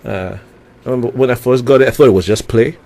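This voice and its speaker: A man's voice: medium pitch, fast, a little mellow. A man hosting a casual interview, talking loosely with lots of stammered restarts and frequent laughter. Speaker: radio show host.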